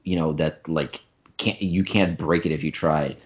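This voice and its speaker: A man's voice: rumbling low, steady tone, unhurried. A man co-hosting a podcast in casual chat, emphatic and opinionated. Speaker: podcast co-host. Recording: dull lo-fi sound.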